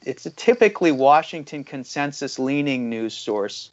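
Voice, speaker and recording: A man's voice: mid-range voice, lively intonation, moderate pace, highs cut off. A man giving critical economic commentary as an interview guest, arguing his points with frequent fillers. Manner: critical, argumentative, many fillers.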